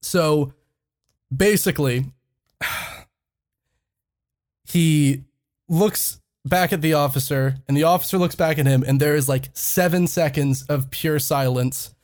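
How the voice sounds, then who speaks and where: A man's voice: fairly high pitch, slow, pauses often, a little mellow. A man co-hosting a podcast, telling a story in casual chat, laughing often and swearing freely. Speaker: podcast co-host.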